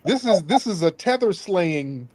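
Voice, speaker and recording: A man with a high, very lively voice hosts a news commentary show. He talks emphatically and scolds, repeating himself for stress. His pitch leaps around constantly. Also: measured pace. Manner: mimics others in mocking voices. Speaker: host.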